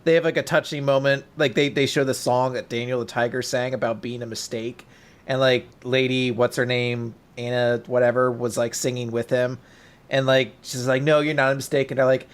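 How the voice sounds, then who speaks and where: A young man co-hosting a podcast in casual chat, telling stories with lively, acted-out bursts. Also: medium pitch, brisk. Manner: animated storyteller, acts out scenes in loud bursts. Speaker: podcast co-host.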